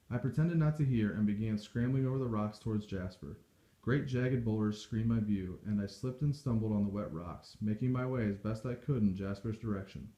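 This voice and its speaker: Man reading a novel aloud, low mellow voice, steady pace, echoey room. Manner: steady, measured storytelling. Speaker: audiobook reader. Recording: dull echoey home recording.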